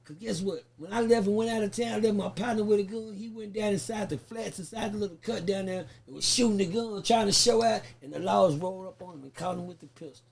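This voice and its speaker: A man's voice: high-pitched, fast, vocal fry, few pauses, crowd noise. A man, a podcast guest telling a profane story in casual chat and acting out the people he quotes. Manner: profane, lively, acts out the voices he quotes.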